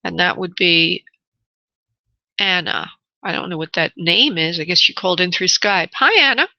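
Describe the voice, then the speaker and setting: A woman's voice: fairly low pitch, normal speed, sharp tone, no room sound, muffled recording. A woman hosting a call-in radio show as a psychic medium, giving readings in a chatty way with many fillers and calling callers honey and love.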